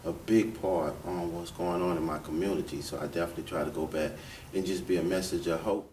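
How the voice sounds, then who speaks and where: A man's voice: sits low, steady tone, brisk, a little mellow. A man answering interview questions in an earnest, reflective way. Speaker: interviewee, former gang leader. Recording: echoey room, distant mic, faint noise.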